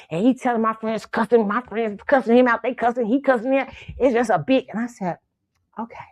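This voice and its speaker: A woman's voice: on the high side, brisk, a little mellow, no room sound. A woman hosting her own show, telling a story in a casual, profane way and laughing often. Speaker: show host.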